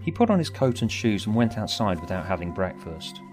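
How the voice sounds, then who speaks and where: Expressive man narrating a story. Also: lowish voice, brisk, over music. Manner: expressive, swinging between bright and hushed. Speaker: author and narrator.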